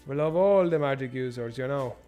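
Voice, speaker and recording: A young man streaming a strategy game, swearing and thinking out loud as he plans and shops. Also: mid-range voice, fairly quick, faint music behind. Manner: profane, rambling, thinks out loud. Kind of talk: casual gameplay livestream commentary.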